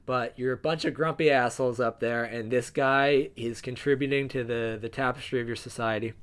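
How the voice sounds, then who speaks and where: A man from New Jersey co-hosting a podcast, joking in an animated, profane way. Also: mid-range voice, brisk, clear, resonant tone. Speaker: podcast co-host. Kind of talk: casual chat.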